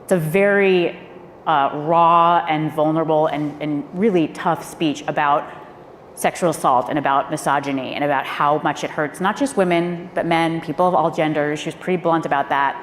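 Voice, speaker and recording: A woman, a former speechwriter, telling candid stories on a live panel with animated delivery. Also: deep voice, moderate pace. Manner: animated, acts out quoted voices. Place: event hall. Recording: echoey hall with faint noise.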